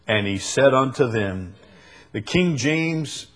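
A male preacher with a New Orleans accent, reading scripture and explaining it verse by verse, deliberate and rising to emphatic bursts. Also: medium pitch.

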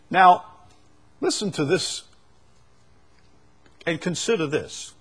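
A man preaching a sermon, dropping to quiet low asides and then rising into loud, drawn-out proclamations, repeating phrases for emphasis. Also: breathy edge. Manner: repeats phrases for emphasis and reads scripture aloud.

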